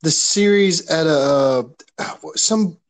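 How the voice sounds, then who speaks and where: A man in casual chat, rambling quickly with lots of fillers. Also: on the high side.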